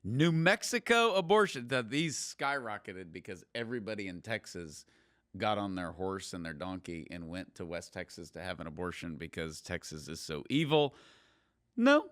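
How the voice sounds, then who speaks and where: Man, lowish voice, lively swinging pitch, dry close sound, joking podcast co-host. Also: normal speed, no echo. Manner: joking, upbeat, reads out statistics. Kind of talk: casual chat.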